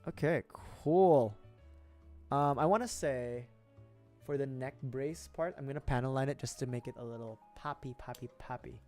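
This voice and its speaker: A young man from the Philippines chats casually on a livestream while building a model kit, his mid-range voice mellow and at normal speed, with faint music behind. He's giggly and rambling, laughing often and repeating phrases.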